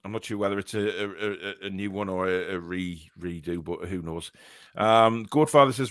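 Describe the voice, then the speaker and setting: A man's voice: fairly low pitch, a little fast, a bit bright, dry recording, clean studio sound. A man hosting a fan podcast in casual chat, reading viewer messages aloud. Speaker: podcast host. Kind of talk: casual live-stream chat.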